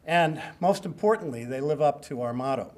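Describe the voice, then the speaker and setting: A man's voice: fairly high pitch, animated, moderate pace, a little mellow. Joking, rambling older man giving a speech. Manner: joking, self-deprecating, rambling. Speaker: hall of fame inductee giving a speech. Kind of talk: banquet acceptance speech.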